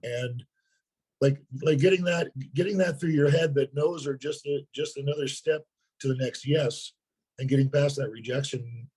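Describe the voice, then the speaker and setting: A hoarse man, a sales partner, talking earnestly in a webinar interview and often repeating words as he starts a thought. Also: medium pitch, normal speed, a little mellow, rough recording. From North Dakota.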